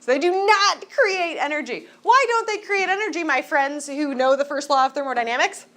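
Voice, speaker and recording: A woman lectures her high school class in a classroom, with a fairly high voice that swoops up and down. She teases the students and keeps asking them questions. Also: lively intonation, moderate pace, fairly bright tone. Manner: joking, teasing, asks the class questions. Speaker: high school biology teacher.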